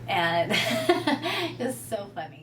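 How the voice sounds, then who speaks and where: A woman's voice: medium pitch, steady tone, moderate pace. Woman speaking from afar in a roomy space. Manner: heartfelt, reminiscing, laughs fondly. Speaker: widow paying tribute. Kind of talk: personal video tribute. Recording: roomy, distant mic with clear background noise.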